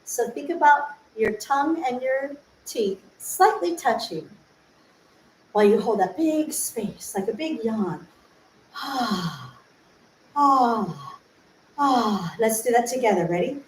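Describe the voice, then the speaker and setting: Teaching voice on an informal solo livestream in a room, this woman explains things patiently, asks rhetorical questions and sings example syllables. She sounds animated and unhurried, her voice on the high side with a darkish tone, while the echoey recording carries faint ambience and a little hiss or hum.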